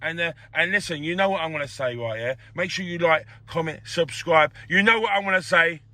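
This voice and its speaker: A man's voice: on the high side, brisk, dry recording. A man hosting a casual boxing chat, blunt and repetitive, swearing freely. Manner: animated, blunt, swears freely, repeats himself. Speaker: host.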